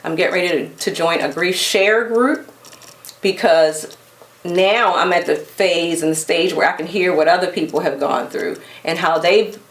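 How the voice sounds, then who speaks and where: Woman, earnest, gentle advice, distant mic, roomy echo. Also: fairly low pitch, moderate pace. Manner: earnest, gently advising, with restarts. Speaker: guest sharing her story. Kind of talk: personal testimony.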